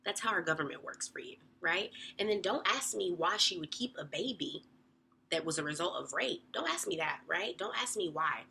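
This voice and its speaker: Young woman vlogging, fired up and emphatic, low-ish gravelly voice with a bright edge, faint noise behind. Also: expressive, moderate pace. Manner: passionate, emphatic, rising into high exclamations. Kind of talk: casual talk to camera.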